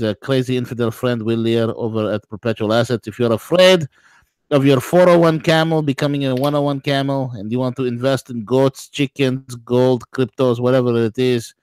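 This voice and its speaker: A man's voice: mid-range voice, clear, resonant tone, dry recording, lightly acted, low-quality recording. A man doing a grandiose mock radio announcer. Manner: grandiose, hyping.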